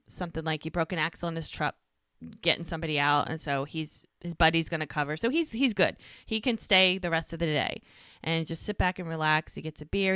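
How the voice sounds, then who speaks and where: A woman co-hosts a podcast in easy, casual conversation. Her voice is bright and crisp, and she acts out characters' lines with animation. The recording is close and dry. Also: on the low side, dry recording. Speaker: podcast co-host. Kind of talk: casual rewatch chat.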